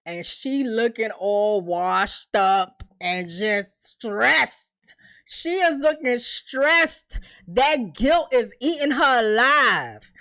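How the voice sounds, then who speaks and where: A woman's voice: a little high, animated, extremely slow, a bit bright. A woman giving a casual, profane TV recap in a chatty style, with laughing asides. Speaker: TV recap reviewer.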